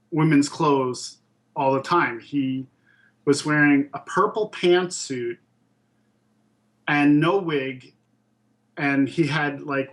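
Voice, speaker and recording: Animated man telling a story. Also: fairly high pitch. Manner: animated storyteller who acts out quoted voices. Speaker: puppet and toy designer being interviewed. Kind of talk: casual anecdote telling.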